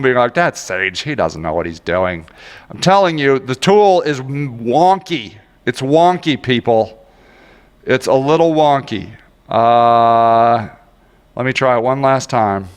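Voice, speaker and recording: A man's voice: mid-range voice, smooth, big-room sound. A man giving a casual, rambling screen-share tutorial on social media marketing, joking at his own expense and grumbling when the tool won't cooperate. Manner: rambling, self-mocking, easily frustrated.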